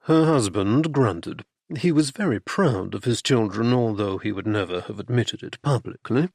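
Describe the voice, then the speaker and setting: Reading an audiobook from a script, a man with a fairly low voice narrates in a measured, expressive storytelling style. The sound is dry and of studio quality.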